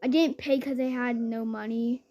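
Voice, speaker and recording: A woman's voice: fairly high pitch, fairly even intonation, moderate pace, mellow. A woman telling a rambling personal story in a chatty way, with fillers and restarts.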